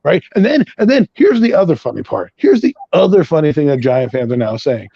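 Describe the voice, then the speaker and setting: A man's voice: on the high side, sing-song, a little fast, vocal fry, hardly any pauses, warm tone, breathy edge, no room sound, dull audio. A fired-up man on a sports talk show, ranting with heavy profanity about his team. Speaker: guest, Giants fan. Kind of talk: heated sports rant.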